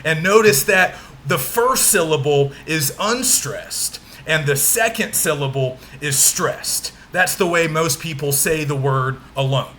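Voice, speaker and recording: A male teacher delivers a recorded lecture in a bright, forceful voice pitched a little above the usual. He is patient and repetitive, stopping often to ask "okay?" before going on. A faint hiss sits under the recording. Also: a little slow, few pauses. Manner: patient, repeats points with frequent "okay?" check-ins.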